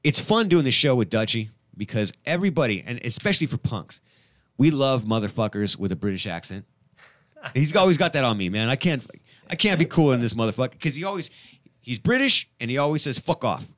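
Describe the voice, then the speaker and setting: Rambling excitable radio host man. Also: medium pitch, brisk, no echo, studio quality. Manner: rambling, excitable, many fillers and restarts. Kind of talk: casual live radio chat.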